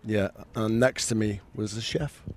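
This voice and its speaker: A man's voice: fairly low pitch, unhurried. A man co-hosting a morning radio show, telling a story in a hesitant, sheepish way. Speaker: radio co-host. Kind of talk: casual radio banter.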